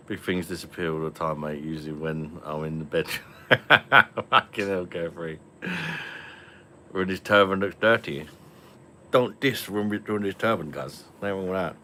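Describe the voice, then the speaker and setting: A man's voice: sits low, moderate pace, pushed and bright, slight background noise. A man hosting a casual online pub stream from home, telling rambling stories, swearing freely and laughing often. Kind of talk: casual chat over beers.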